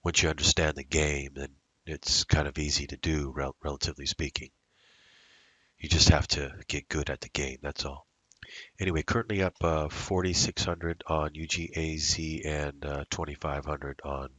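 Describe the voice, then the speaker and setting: A man's voice: extremely low pitch, flat delivery, moderate pace, fairly bright tone, no echo. A man day trader giving rambling live commentary on his trades, talking to himself and drifting into musings. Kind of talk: live trading commentary over a screen recording.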